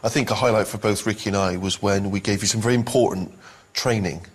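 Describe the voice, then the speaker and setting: A man's voice: on the low side, fairly even intonation, fast, breathy edge. A man co-hosting a comedy talk show, asking his guest mock-earnest, probing questions. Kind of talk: casual interview questions.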